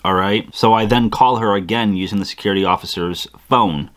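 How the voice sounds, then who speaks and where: A young man with a lowish voice recounts a personal mishap straight to his viewers. He talks casually and animatedly, acts out his own thoughts and often trips over and restarts his words. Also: fairly quick. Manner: animated retelling with frequent restarts and acted-out inner quotes. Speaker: vlogger. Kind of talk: casual storytelling to camera.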